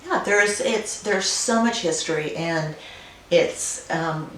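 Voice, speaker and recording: A woman winemaker being interviewed, telling stories and remembering in a warm, conversational way. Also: on the low side, slow pace. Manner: warm storytelling, reminiscent. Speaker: winemaker guest. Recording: roomy, distant, faint noise.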